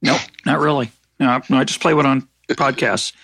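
A man hosting an interview podcast as an economist, speaking thoughtfully and acting out quoted exchanges in a higher voice. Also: steady tone, normal speed, creaky, fairly bright tone, no echo. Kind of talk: conversational interview.

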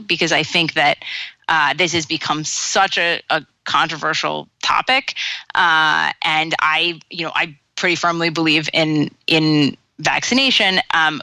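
Woman author on a podcast, bright clear voice, dry close sound, explains things carefully. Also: low voice, no room sound, poor audio. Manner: measured, explanatory, with frequent restarts. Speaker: author and guest. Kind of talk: conversational interview.

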